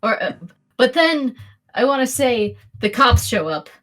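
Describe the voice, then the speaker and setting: A woman playing a tabletop game, excitable and giggly, often stumbling over her words. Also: fairly high pitch, measured pace. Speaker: player.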